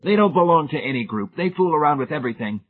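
A man voicing a booming, authoritative godlike giant who is a blunt party zealot. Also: expressive, fast. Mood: lecturing. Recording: tinny phone-like sound.

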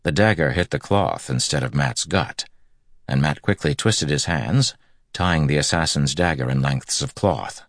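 A man narrating a story in an audiobook, with steady, measured storytelling. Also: very deep voice, dry recording, clean studio sound. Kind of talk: scripted narration.

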